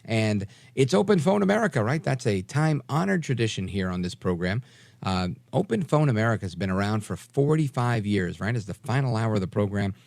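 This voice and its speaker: A man in his forties from New York, with a mostly softened New York accent, hosting a late-night talk radio show in an emphatic, energetic manner with frequent fillers and restarts. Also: fairly low pitch, a little fast, vocal fry, no echo. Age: 40s.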